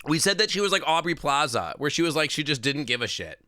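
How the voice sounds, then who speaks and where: Animated, bright-voiced male streamer. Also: a little high, fast, no echo. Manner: joking, rambling with many fillers. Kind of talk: casual chat.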